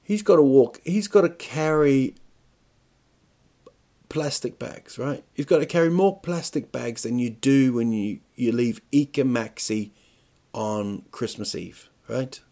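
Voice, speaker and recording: A man's voice: mid-range voice, measured pace, dark tone. Male podcast host, solo comic rant, rambling, self-interrupting, swears a lot. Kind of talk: rambling comedic monologue.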